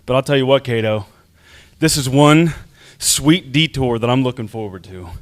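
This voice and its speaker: A man's voice: medium pitch, moderate pace. A man cutting a brash, confident wrestling promo as a tag team wrestler.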